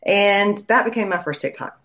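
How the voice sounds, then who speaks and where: A woman, a lawyer chatting in an interview and telling stories in a lively way. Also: medium pitch, moderate pace. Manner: chatty storyteller, animated when quoting people. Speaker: lawyer and legal commentator. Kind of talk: casual interview chat.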